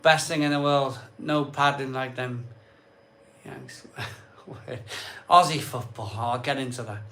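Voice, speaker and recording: A man's voice: medium pitch, takes it slowly, bright, forceful tone. A man hosting a live stream from his home bar, reading out viewer comments in a rambling, chatty way and often repeating himself. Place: cold home conservatory bar.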